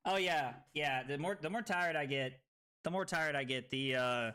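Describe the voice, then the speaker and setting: A tipsy man streaming a card game, swearing, laughing and breaking into loud excited outbursts. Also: on the high side, moderate pace, clear, resonant tone. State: tipsy from drinking. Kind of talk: casual livestream commentary.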